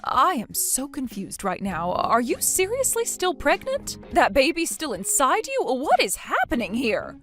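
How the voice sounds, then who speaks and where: A woman's voice: high voice, wildly swooping pitch, unhurried, hardly any pauses, fairly bright tone, soft background music, voice pushed up, exaggerated voice. A woman voicing an indignant mother-in-law who scolds her daughter-in-law with accusing, rising outbursts, reading a text message story. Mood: baffled.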